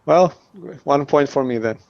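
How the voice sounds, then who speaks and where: A man, a non-native English speaker, talking as an interview guest in careful, halting speech. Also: mid-range voice, a little mellow, muffled recording. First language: not English. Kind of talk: casual chat.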